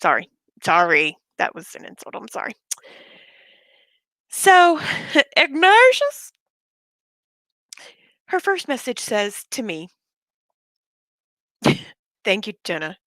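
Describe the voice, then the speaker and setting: In a medium-pitched, sing-song voice that sounds pushed and bright, she talks a little slowly with frequent pauses, recorded dry. A livestreamer sick with covid and short of breath, she fires off a blunt, swear-filled rant on a casual stream.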